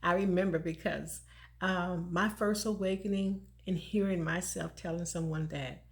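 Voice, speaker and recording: A woman's voice: fairly low pitch, normal speed, vocal fry. A middle-aged woman hosting a motivational vlog, telling a personal story in a conversational way, laughing often and repeating phrases for emphasis. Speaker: motivational vlogger.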